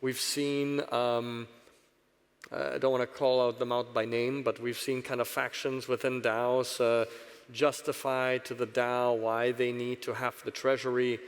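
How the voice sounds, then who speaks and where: Halting man on a conference panel. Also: medium pitch, level tone. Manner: halting, many restarts and "right?" tags. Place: conference stage in a large hall. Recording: reverberant hall.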